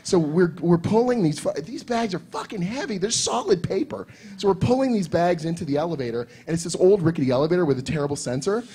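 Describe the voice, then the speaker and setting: A man telling a convention anecdote on a panel, excitable and swearing often, acting out voices as he goes. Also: sits high, fast, a little hiss or hum. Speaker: comics writer panelist. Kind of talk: animated storytelling on a convention panel.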